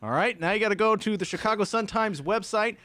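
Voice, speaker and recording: A man reading a promo for another podcast in a brisk, upbeat way. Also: high voice, pushed and bright, no echo. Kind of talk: promo read.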